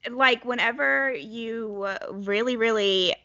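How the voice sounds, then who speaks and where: Young female co-host, encouraging, bright sharp voice, dull lo-fi sound. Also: on the high side, slow pace, no echo. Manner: warm, supportive listener. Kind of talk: casual chat.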